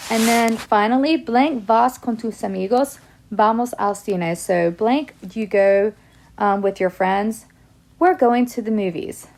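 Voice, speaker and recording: A woman with a slightly gravelly edge to her voice walks her students through a Spanish lesson. She reads example sentences in English and Spanish and explains each answer in turn, at a middling pitch. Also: a little mellow. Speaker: Spanish teacher. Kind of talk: classroom lesson video.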